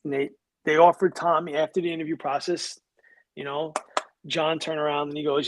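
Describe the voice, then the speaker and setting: A man's voice: a little high, a little fast. A middle-aged man from New York, guest in a conversation, telling stories casually with profanity and acted-out voices. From New York, USA. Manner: animated, profane, acts out quoted voices.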